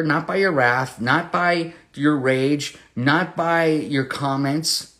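A fairly high-voiced man gives a passionate verse-by-verse Bible teaching. He moves from loud, emphatic declarations to quiet, intimate storytelling, and his tone stays conversational throughout. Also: slow. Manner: impassioned, swings between loud emphasis and hushed storytelling.

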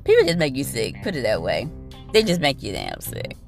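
Gravelly-voiced woman ranting about work. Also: rumbling low, huge pitch swings, fairly quick, soft background music. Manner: blunt, profane and exasperated. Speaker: nurse telling a work story. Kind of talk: casual storytelling rant.

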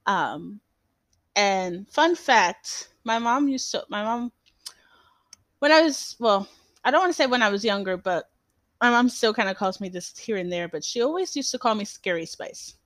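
A woman's voice: medium pitch, lively intonation, moderate pace, a bit bright, no echo. Young woman, podcast host, chatty and giggly, rambling, dry close-miked sound. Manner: rambling, giggly, many fillers and restarts. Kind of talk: casual solo podcast chat.

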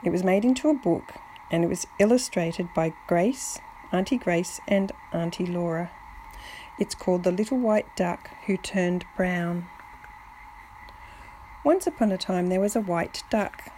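Woman, slow unhurried storybook reading, gentle, faint hiss behind. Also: on the low side, poor audio. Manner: slow, gentle, with soft whispered touches. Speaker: family storyteller. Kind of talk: reading a children's story aloud.

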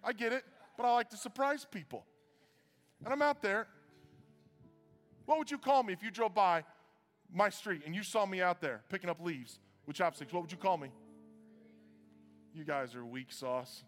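High-voiced, animated preacher in a reverberant hall. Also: male voice, moderate pace, long pauses, soft background music. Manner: animated and self-mocking, swings from quiet asides to loud shouts. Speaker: pastor. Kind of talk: sermon. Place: church hall. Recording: live hall with long reverb.

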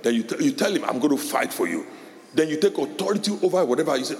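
A middle-aged man preaching a sermon as pastor, animated, laughing often and shouting in a high voice when quoting parents. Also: quick pace. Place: church hall. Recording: echoey hall with long reverb.

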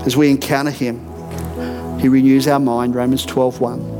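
A man's voice: medium pitch, level tone, normal speed, over music. Earnest middle-aged man preaching. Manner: earnest, emphatic preaching with repeated declarations. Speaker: senior pastor. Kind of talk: sermon. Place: church auditorium.

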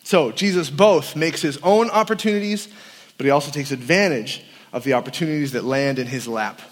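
High-voiced man preaching in a hall. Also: fairly quick. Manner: animated storyteller acting out quotes. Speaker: campus pastor. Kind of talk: sermon with storytelling. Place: large hall at a winter camp. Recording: long reverb of a hall.

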